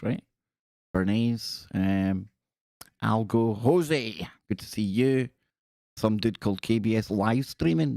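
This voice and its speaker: A man's voice: medium pitch, darkish tone, no echo, clean studio sound. A man hosting a live stream in a casual, chatty way, greeting viewers by name and making joking asides. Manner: jokey, self-deprecating asides.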